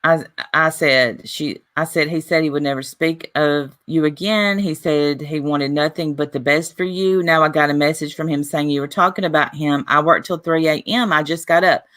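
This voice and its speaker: A woman's voice: low voice, moderate pace, few pauses, fairly bright tone. A woman vlogging casually, retelling a dispute with lots of "I said, she said" and reading messages aloud. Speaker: YouTuber. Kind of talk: casual vlog monologue.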